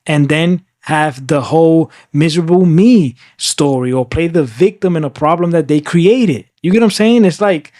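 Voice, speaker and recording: A man's voice: fairly high pitch, normal speed, hardly any pauses, darkish tone, dry recording, studio quality. A man in casual podcast conversation, talking emphatically and often checking in with "right?", sometimes slipping into Spanish. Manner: switches into Spanish at times.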